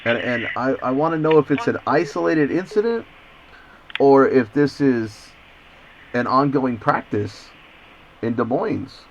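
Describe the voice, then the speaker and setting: Against a noisy background, a man with a mid-range voice talks at a measured pace on a recorded phone call. He's an investigative journalist, persistent and insistent, who keeps stammering and repeating words.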